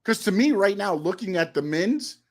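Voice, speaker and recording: A man's voice: sits high, animated, moderate pace. A man co-hosting a casual wrestling talk show, skeptical and argumentative, often pressing with questions. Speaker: co-host.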